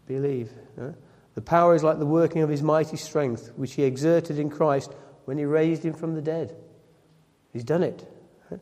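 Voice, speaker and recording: Man, preacher, sermon, mellow voice, slightly raised pitch, long church reverb. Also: normal speed. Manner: reads scripture aloud, then explains it with repeated phrases and self-corrections.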